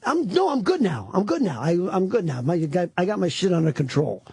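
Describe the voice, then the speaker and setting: With no room sound, a middle-aged comedian talks in a high-pitched, breathy voice with vocal fry, a little fast. As a talk-radio guest he tells rambling, profane stories in lively, casual banter.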